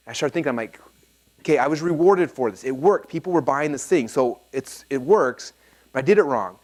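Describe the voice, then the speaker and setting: A man speaks quickly to a live room, telling a story with animated energy. He slips into the voices of the people in his story, and his pitch sits in a middle range. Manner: animated, acts out quoted dialogue. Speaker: speaker at a seminar. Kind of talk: storytelling talk to a live audience.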